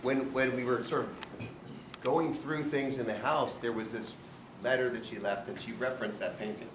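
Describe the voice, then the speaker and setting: A man chiming in at a memorial gathering, halting as he adds to a story. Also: medium pitch, steady tone, background noise. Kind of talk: casual remarks at memorial. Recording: roomy hall, far off, crowd behind.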